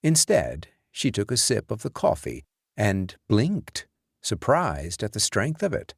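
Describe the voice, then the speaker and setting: A male audiobook narrator reading a scary story in an unhurried, deliberate way. His voice is gravelly, with lively pitch movement, and the recording is dry and close. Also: no room sound. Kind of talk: scripted horror narration.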